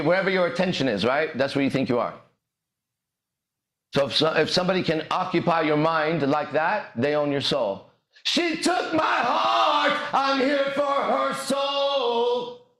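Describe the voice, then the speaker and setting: Swaggering man with a lively voice. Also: fairly high pitch. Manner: swaggering, profane, bursts into shouted lyrics. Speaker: podcast host and dating coach. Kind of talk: motivational monologue. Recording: echoey room.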